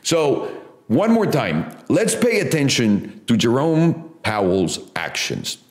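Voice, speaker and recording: A man's voice: medium pitch, huge pitch swings, takes it slowly, darkish tone. A man hosting a casual finance commentary, blunt and profane in how he talks. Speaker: host. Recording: echoey room.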